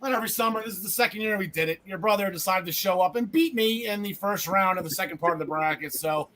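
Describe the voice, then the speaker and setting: High, bright-voiced jokey podcast host man. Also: quick pace, a little hiss or hum, low-quality recording. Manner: jokey, rambling, self-correcting. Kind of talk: casual wrestling podcast chat.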